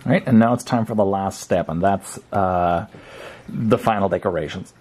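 A man narrating a casual hobby crafting tutorial at home in a relaxed, chatty way, with frequent fillers. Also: low-pitched, normal speed. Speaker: crafting vlogger.

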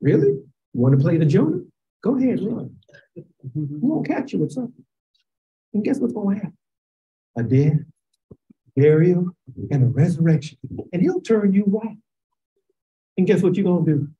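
A woman with a Chicago accent leading a Bible class over a video call, quizzing students with questions and drawn-out emphasis, sometimes rising to shouts. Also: lowish voice, sing-song, lo-fi sound.

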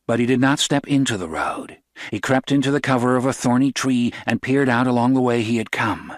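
A man narrating a novel as an audiobook, in a steady, even storytelling voice. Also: medium pitch, fairly quick, no room sound, studio quality.

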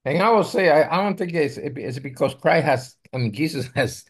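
Gravelly, halting man in a Bible study. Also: on the high side, expressive. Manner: halting, hesitant, with many restarts. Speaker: Bible study group member. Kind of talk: group discussion comment.

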